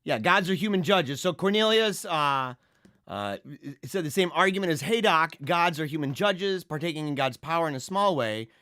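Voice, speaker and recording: Man, livestream host, casual chat, animated, bright tone, dry close sound. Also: fairly high pitch, no room sound. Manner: animated, laughing, drawn-out slang.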